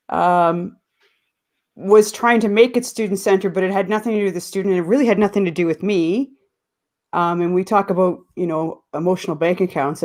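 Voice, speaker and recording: A woman, an educator co-hosting a podcast, chatting casually and hesitantly, often restarting as she searches for words. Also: fairly low pitch. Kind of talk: casual chat.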